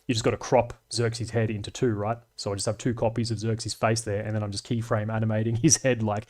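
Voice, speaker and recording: Streamer, laid-back and profane, rambling chat between comments. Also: male voice, lowish voice, a little fast. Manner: relaxed, profane, rambling and chatty. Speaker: streamer and animator. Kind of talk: casual livestream chat reading comments.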